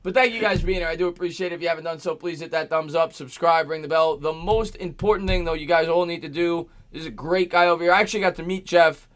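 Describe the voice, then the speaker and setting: A man hosting a sports reaction livestream, calling plays with excitement and reading viewer donations aloud. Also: on the high side, quick pace, few pauses. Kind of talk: excited live play-by-play and chat.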